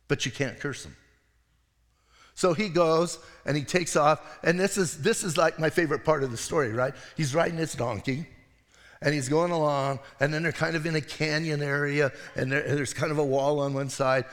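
A man's voice: on the high side, fairly bright tone, long reverb tail. A middle-aged male pastor giving a sermon, retelling the story in a casual, conversational way with acted voices.

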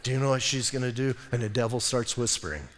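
Emphatic pastor preaching in a reverberant church. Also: male voice, fast talker. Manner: emphatic, keeps saying "listen" to the congregation; swings between loud bursts and soft low asides. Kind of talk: sermon.

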